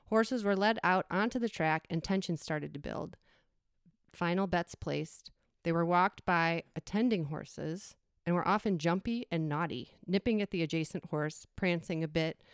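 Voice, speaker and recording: Smooth-voiced woman reading a memoir. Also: on the low side, no room sound, clean studio sound. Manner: reflective, measured reading with brief acted quotes. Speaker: storyteller. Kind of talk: personal essay read aloud.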